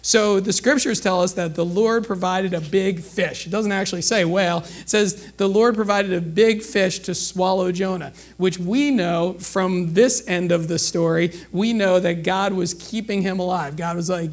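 High-voiced man preaching a lively sermon. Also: normal speed. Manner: conversational preaching, acts out dialogue, frequent "okay?".

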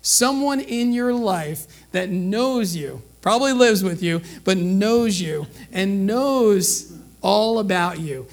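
A man with a fairly high voice preaches a sermon to his congregation. He talks in a relaxed, conversational way, acts out short exchanges between characters, and keeps asking his listeners "okay?". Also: slow.

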